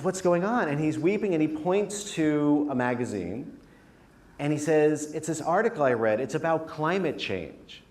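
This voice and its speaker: A man from the American Northeast delivers a comedic talk with theatrical flair. His voice sits in a middle register. The sound carries a roomy echo. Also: mid-range voice. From New York and Connecticut. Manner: theatrical, shifts into mock voices. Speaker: speaker, performance artist.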